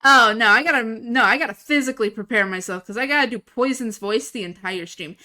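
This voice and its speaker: A woman's voice: fairly high pitch, a little fast, few pauses, bright, forceful tone. A young woman streamer chatting casually into a desk mic, rambling and swearing freely. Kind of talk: casual live-stream chat. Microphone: desk microphone.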